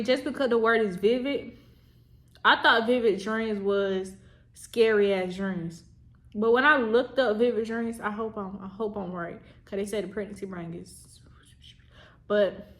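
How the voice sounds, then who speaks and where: Young adult woman vlogger, loose chatty delivery, repeats herself, voice on the higher side. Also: a bit bright. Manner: rambling, chatty, repeats herself, says "y'all". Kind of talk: casual chat to camera.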